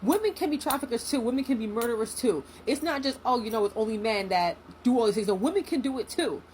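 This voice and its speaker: A young woman in a casual storytime vlog, animated and indignant, acting out what people said. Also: fairly high pitch, fast talker, slight background noise, poor audio. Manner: animated, indignant, acts out quotes.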